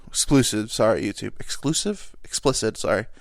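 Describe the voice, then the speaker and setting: A man's voice: on the low side, animated, normal speed, dry recording, clean studio sound. A young man hosting his own podcast, talking in a rambling, self-deprecating way with crude jokes. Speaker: podcast host. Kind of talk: casual solo podcast monologue.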